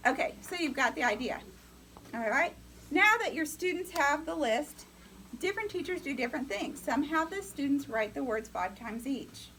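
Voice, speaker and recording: A woman's voice: high voice, lively intonation, moderate pace, pushed and bright, slight background noise, rough recording. Upbeat woman teaching a class. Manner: upbeat, coaching, calls on students. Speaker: teacher educator. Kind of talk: classroom lecture.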